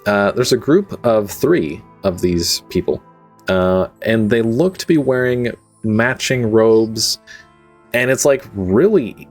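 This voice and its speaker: A man's voice: on the low side, lively intonation, slow, faint music behind. A young man running a tabletop game as game master, narrating casually at home into his own microphone, rambling with lots of "like" and "um" and laughing easily.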